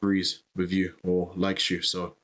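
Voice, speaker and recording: A man's voice: low-pitched, monotone, a little slow, fairly bright tone. A man with a British accent, a podcast guest, talking in a laid-back, rambling way. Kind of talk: casual chat.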